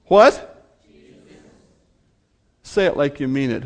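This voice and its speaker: A man's voice: a little high, moderate pace. A man preaching a sermon to his congregation, speaking earnestly and addressing them directly. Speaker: pastor.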